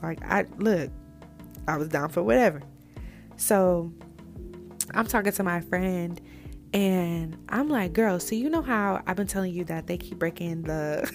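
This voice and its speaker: A young woman telling a story in a casual, candid way, with blunt slang, talking straight to her listeners. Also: mid-range voice. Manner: animated and candid, addresses listeners as "y'all"; blunt slang-heavy speech.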